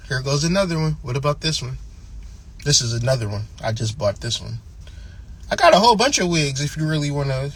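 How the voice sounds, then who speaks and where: A man's voice: medium pitch, a bit bright, a little hiss or hum, lightly acted. Man putting on a fickle, moody young woman.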